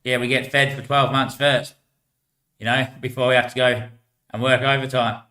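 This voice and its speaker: A man's voice: mid-range voice, level tone, normal speed, pushed and bright. A man talking in a rambling casual monologue, swearing freely and laughing often, recorded in an echoey room.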